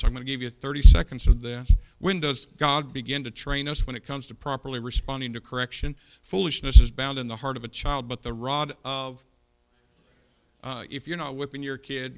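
A middle-aged male pastor, preaching a fiery sermon in a blunt, scolding way, swinging from shouts to low asides in a church auditorium.

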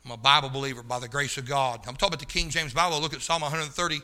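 A man preaching a sermon in a fervent, folksy way, talking straight to the room and rising to shouts. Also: mid-range voice, level tone, very fast. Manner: loses his place, talks to the room.

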